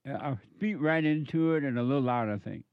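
A man hosting a spiritual call-in radio show, talking in a slow, preachy way with repeated emphatic phrases. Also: medium pitch, clean tone, no room sound, narrow, tinny audio.

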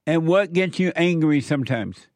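High-ish voiced guy hosting a call-in show, slow and emphatic, says things twice, dry close mic. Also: animated, a little mellow, dry recording. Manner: slow, emphatic, repeats his points. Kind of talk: advice talk with a caller.

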